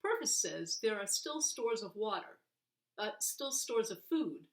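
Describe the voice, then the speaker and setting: A woman's voice: mid-range voice, measured pace. Woman reading a story aloud, echoey room. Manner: expressive, voices the characters. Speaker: reader. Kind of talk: reading a children's novel aloud.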